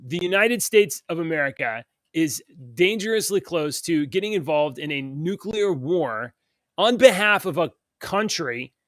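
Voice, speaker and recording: A man's voice: a little high, fairly bright tone, no echo, clean studio sound. A man co-hosting a morning talk show, reading news aloud and ranting about it with scorn. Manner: heated, scornful, reads news aloud then rants. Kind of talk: opinionated political rant.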